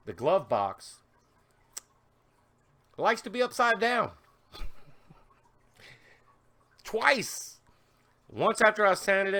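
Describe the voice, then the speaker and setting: A man chatting casually in a vlog, rambling and animated, telling stories with laughs as he shows his work. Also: a little high. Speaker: vlogger.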